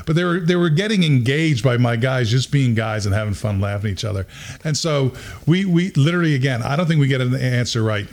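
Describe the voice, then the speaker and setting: A middle-aged man hosting a podcast, telling a story in a casual, animated way and acting out quotes with bursts of laughter. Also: medium pitch, a little fast. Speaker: podcast host.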